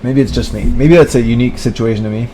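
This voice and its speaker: A man's voice: mid-range voice, fast, mellow, slight background noise, poor audio. A man ranting in a rambling monologue, full of filler words and mocking impressions of other people. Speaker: vlogger.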